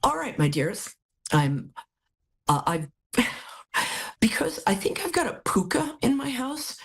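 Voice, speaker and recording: A woman's voice: on the high side, sing-song, slow pace, husky. A woman hosting a live call-in tarot reading, chatty and affectionate, a little out of it after a hospital stay. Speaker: psychic reading host.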